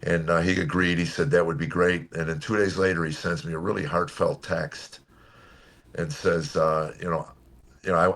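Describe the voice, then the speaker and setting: A comedian in his seventies telling stories in a radio interview, lively when quoting people and quiet and earnest on serious points. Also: normal speed. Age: 70s. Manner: animated storyteller, jumps high for quoted voices. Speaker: comedian guest.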